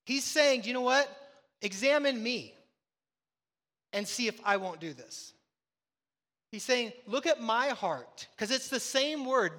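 A male pastor preaches with emphatic, rhetorical force, firing questions and answering them himself. His voice sits high and sounds bright, carried by the long reverb of a large hall. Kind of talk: sermon.

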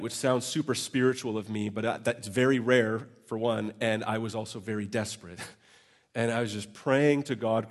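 Brief: male preacher, medium pitch, heartfelt sermon, swings from quiet reflection to urgent, with self-mocking humor. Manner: earnest and emotional, with self-deprecating asides. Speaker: pastor. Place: church service.

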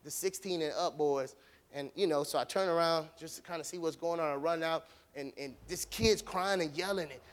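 A man's voice: a little high, a little fast. A man telling a story to an audience in a conversational way, acting it out with vocal sound effects. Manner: conversational, with many fillers. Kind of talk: storytelling talk.

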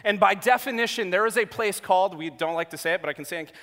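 A man in his thirties preaching a sermon, telling a personal story with jokey asides, going from hushed to loud. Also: sits high, fast talker. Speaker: pastor. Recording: long hall reverb.

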